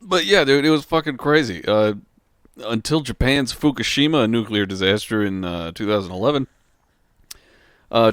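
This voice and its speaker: A man's voice: lowish voice, dry recording, studio quality. A man co-hosting a casual podcast, laid-back and cursing freely while reading out facts. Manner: laid-back, swears often, reads facts aloud. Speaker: podcast co-host.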